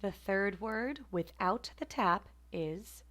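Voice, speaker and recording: A woman teaching a phonetics class, repeating example words slowly and carefully. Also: medium pitch, lively intonation, fairly bright tone. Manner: careful, deliberate word repetition. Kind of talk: slow online pronunciation lesson.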